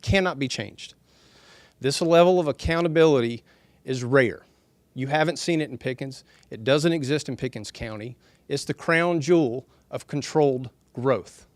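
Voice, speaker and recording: Man, quiet and earnest, folksy, addressing a town hall, dry close sound. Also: mid-range voice, moderate pace. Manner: soft-spoken, earnest, folksy. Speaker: developer's representative at a town hall. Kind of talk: public speech at a town meeting.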